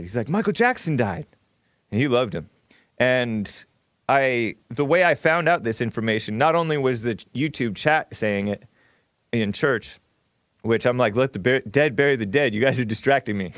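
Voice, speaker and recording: A man in the middle of an unscripted stream monologue, wandering from thought to thought with fillers, false starts and little laughs. His voice sits at an ordinary pitch. The mic is close, with no room sound around it. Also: dry recording. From California. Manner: rambling, laughs often, many fillers and restarts. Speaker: host. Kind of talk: casual livestream monologue.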